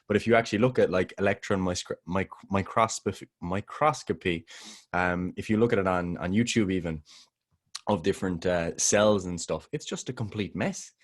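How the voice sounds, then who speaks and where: A man's voice: sits low, normal speed. A man co-hosting a podcast in casual chat, rambling with many restarts and frequent laughs. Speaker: podcast co-host.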